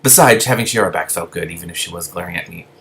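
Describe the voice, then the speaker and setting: Low-voiced man reading a novel aloud. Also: fast talker, fairly bright tone, a little hiss or hum. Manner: gushing asides between reading. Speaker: reader.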